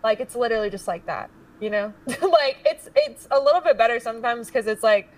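A young woman, a streamer, talking as a guest in a casual chat, animated, saying "like" often and laughing. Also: a little high, a little fast, distant mic.

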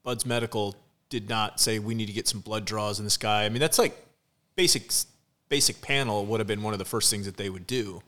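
A man's voice: on the low side, a little fast, a bit bright. A man co-hosting a casual chat, blunt and interjecting, swearing freely. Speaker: co-host.

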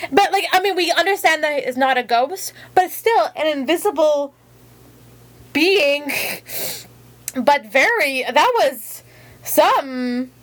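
High, lively woman podcast co-host. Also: slow. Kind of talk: casual chat.

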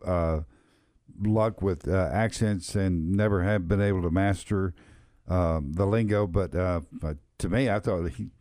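A male co-host with a low voice speaks in halting, hesitant phrases, stopping and restarting as he goes. The sound is dry and close, with no room around it. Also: fairly even intonation, dark tone, no echo.

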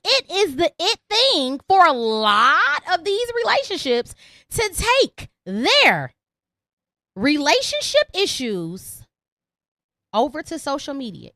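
A woman's voice: sits high, sing-song, unhurried, sharp tone, no room sound, clean studio sound. A young woman hosting a call-in podcast, ranting brashly and profanely at her listeners. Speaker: podcast host.

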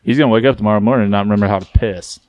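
A man hosts a loose, profane podcast hangout, keeping things moving with questions and jokes. His voice sits fairly low and he talks fast. The sound is dry and close. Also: no echo, muffled recording. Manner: joking, profane, asks the group questions. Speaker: podcast host. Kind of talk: casual podcast banter.

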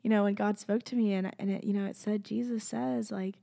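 A young adult student talks earnestly and casually to the camera about her feelings and faith journey, rambling with constant "like" fillers and slipping into soft whispers. Her medium-pitched voice is steady and brisk with vocal fry, captured on her own close microphone.

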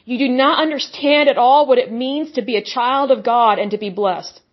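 A woman's voice: a little high, moderate pace, lo-fi sound. A woman delivering an impassioned sermon, blunt and scornful, mocking the views she rejects. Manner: blunt, scornful, mocks opponents in put-on voices. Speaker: preacher. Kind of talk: impassioned religious monologue.

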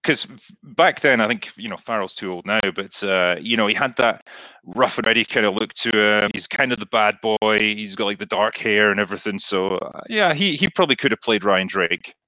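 A man's voice: fairly low pitch, moderate pace, sharp tone, no room sound, rough recording. A man being interviewed about his writing, speaking casually with many fillers and restarts. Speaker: author guest.

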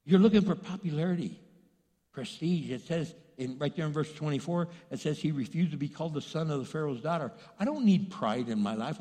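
A middle-aged man from Texas preaching in a large church, his voice sitting high for a man. He swings between quiet, confiding asides and loud, fired-up bursts. A long reverb trails every phrase around the packed hall. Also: normal speed. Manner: animated preaching, swinging from hushed to shouting. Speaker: pastor. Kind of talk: sermon.

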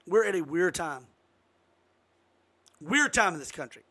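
A man giving an impassioned political monologue as host, emphatic and given to sudden loud outbursts. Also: high voice, lively intonation, measured pace.

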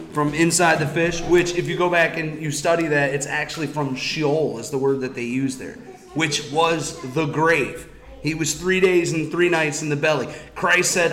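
A man leading a Bible study for a small group, retelling scripture in a lively, casual way. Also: fairly high pitch. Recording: echoey room.

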